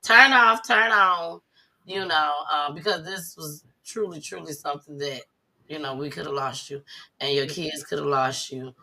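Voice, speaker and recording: A woman hosting a casual talk show, telling stories animatedly and bursting into loud, high impressions. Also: moderate pace. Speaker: host. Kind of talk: casual chat.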